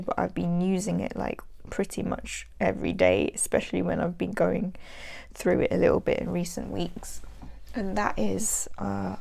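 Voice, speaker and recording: Nasal from hay fever, a young woman chats and rambles through her casual tarot vlog, using many fillers. She has a medium-pitched voice that is gravelly and darkish.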